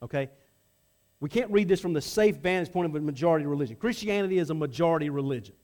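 A man preaching a sermon in a relaxed, conversational way, often restarting phrases and acting out the voices in the story. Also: on the high side, fast talker. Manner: conversational, with frequent restarts and acted-out quotes.

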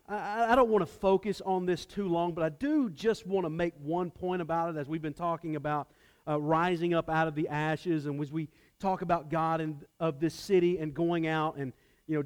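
A man preaching a sermon in a conversational way, asking his listeners questions and acting out the lines he quotes. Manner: conversational, asks the audience questions; acts out quoted lines with big swings in pitch and loudness. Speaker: pastor.

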